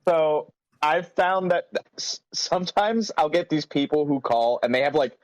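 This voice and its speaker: A man's voice: on the high side, lively intonation, measured pace, muffled recording. A man chatting casually, telling wry anecdotes with an amused tone. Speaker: podcast regular. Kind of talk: casual chat.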